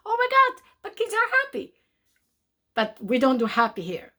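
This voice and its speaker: A woman hosting a spiritual talk show, speaking in an animated way to her viewers and often calling them darling. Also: sits high, moderate pace. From from outside North America. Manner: animated, mocking voices of naysayers, calls listener darling. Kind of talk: motivational talk to camera.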